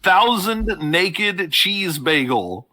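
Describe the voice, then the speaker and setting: Man, podcast co-host, casual banter, bright, slightly high voice, giggly. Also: sing-song, drawn-out words. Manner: joking, giggles through his lines.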